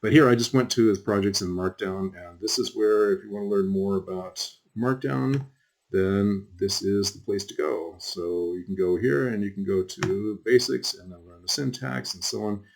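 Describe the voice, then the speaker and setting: A very low-pitched man gives a relaxed screen-recorded lecture to his class. He rambles, drifts into asides and fills gaps with ums and likes. Keyboard typing can be heard now and then behind him. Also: moderate pace, creaky. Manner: casual, rambling, with frequent fillers and asides. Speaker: college instructor.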